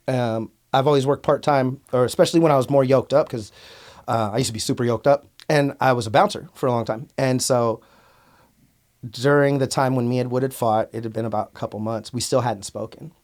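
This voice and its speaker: Bay Area man, podcast guest, blunt storyteller who swears a lot and fills pauses with "um". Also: medium pitch, darkish tone. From Antioch, California. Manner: outspoken, blunt, swears freely, many fillers. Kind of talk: casual storytelling interview.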